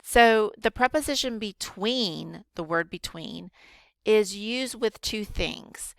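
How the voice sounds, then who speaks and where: A woman's voice: mid-range voice, lively intonation, slow pace, gravelly, no room sound. A woman teacher patiently walking students through a grammar worksheet, step by step with frequent ums. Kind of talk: recorded grammar lesson.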